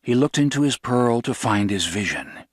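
A man narrating a novel as an audiobook, in a steady, even storytelling voice. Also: mid-range voice, moderate pace, no echo, studio quality.

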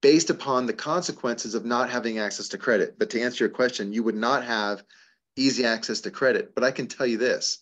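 Middle aged guy host, animated, laughs a lot, tells stories, normal pitch. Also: fairly quick. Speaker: host answering member questions. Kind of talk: casual advice talk.

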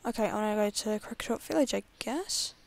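A woman's voice: mid-range voice, a little fast, gravelly. A woman playing a video game, chatting casually and reading the in-game dialogue aloud. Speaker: let's play gamer. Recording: loud background noise.

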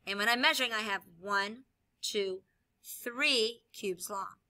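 A woman teacher explaining a lesson while she demonstrates with objects, upbeat and clear. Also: medium pitch, slow, sharp tone. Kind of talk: classroom video lesson.

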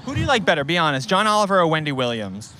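A man hosting a comedy street-interview show, loud and excitable, stopping strangers on a busy city street. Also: a little high, very fast. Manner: loud, excitable, shouting at passersby.

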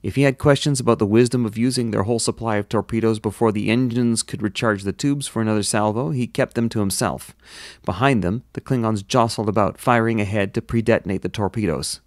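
A male hobby reader narrates a science fiction novel in a steady manner, now and then stopping for self-deprecating asides. His voice sits on the low side, recorded close and dry with no room sound. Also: a little fast, no echo. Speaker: audiobook reader. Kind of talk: amateur novel reading.

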